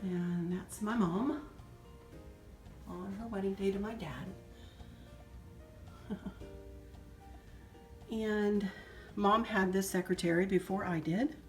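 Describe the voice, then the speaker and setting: A woman's voice: mid-range voice, steady tone, takes it slowly, long pauses. Chatty woman in an echoey house. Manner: chatty and sentimental, with soft laughs. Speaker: home decor vlogger. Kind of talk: casual home tour narration. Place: indoors in a house. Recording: roomy echo, faint music.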